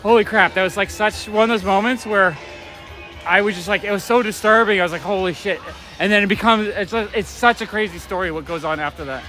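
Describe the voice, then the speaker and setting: Soft background music plays as a man with a high, sharp voice talks fast while walking a city street at night, streaming live from a handheld phone or camera. His chat is casual, rambling and enthusiastic, peppered with fillers and restarts.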